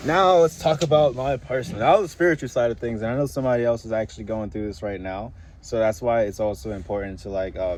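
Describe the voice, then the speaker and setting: A man's voice: fairly low pitch, a little mellow, a little hiss or hum. A man talking casually about spiritual signs in a slangy, rambling, emphatic way. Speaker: spiritual reader.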